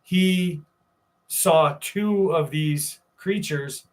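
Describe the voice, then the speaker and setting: A man's voice: on the high side, drawn-out words. A man in his forties from New York, hosting a live stream and telling a rambling, profane story in a casual way. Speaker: show host.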